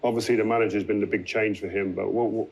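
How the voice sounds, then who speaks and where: A man's voice: fairly low pitch, fairly even intonation, fast talker, slight background noise. A man interviewing a footballer, asking his questions in a conversational way.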